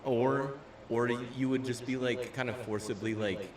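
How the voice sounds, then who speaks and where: A man's voice: medium pitch, fairly even intonation, normal speed. A young man ranting casually and profanely while streaming a game, full of fillers and restarts. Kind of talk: casual rant while gaming. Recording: roomy, distant mic with faint room noise.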